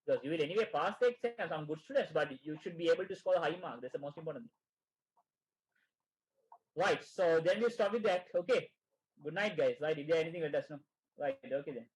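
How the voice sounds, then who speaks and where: High-voiced man tutoring, repeating "right?". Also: lively intonation, fast talker, low-quality recording. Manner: keeps asking "right?" and repeats phrases. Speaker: exam prep tutor. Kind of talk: online teaching session.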